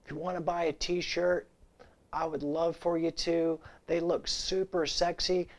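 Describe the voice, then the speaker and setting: A man's voice: on the high side, little pitch movement, unhurried. A man hosting a guitar gear vlog, talking to camera on his home set in jokey, irreverent, off-the-cuff banter. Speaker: guitar gear channel host. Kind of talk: casual vlog talk to camera.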